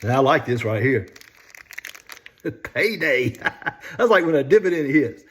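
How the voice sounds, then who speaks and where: Chuckling older man, lively voice. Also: mid-range voice, measured pace, slight background noise. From North Carolina, US. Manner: folksy, chuckles often between phrases. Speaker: stock market vlogger. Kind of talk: casual stock chat.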